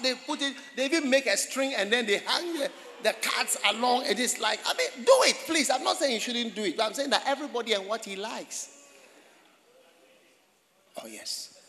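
A man's voice: very high voice, pushed and bright, long reverb tail. A man preaching a sermon in a church, talking in a conversational way, repeating phrases and asking the congregation questions. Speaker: pastor.

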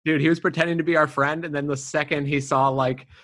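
A man in crude, casual chat, telling profane stories with lively put-on voices. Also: a little high, quick pace.

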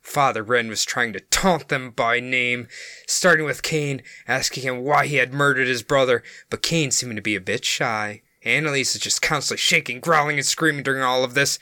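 Bright dry male podcast narrator. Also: medium pitch, moderate pace, no room sound. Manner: casual, amused. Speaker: podcast host narrating a case. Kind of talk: storytelling narration.

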